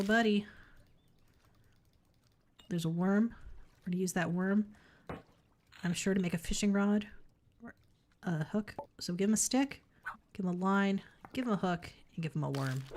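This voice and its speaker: A woman with a medium-pitched, slightly mellow voice streams a puzzle game, chatting casually and thinking aloud as she plays. She lets the odd offhand swear slip, and there's slight background noise along with faint game music.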